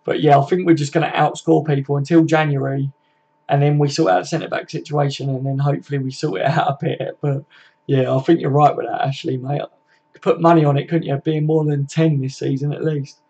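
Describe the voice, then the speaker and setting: A man's voice: a little high, fairly even intonation, brisk, mellow, slightly rough. A man hosting a casual football fan live stream, reading out chat comments in a laddish way, swearing and calling viewers mate. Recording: dull lo-fi stream audio.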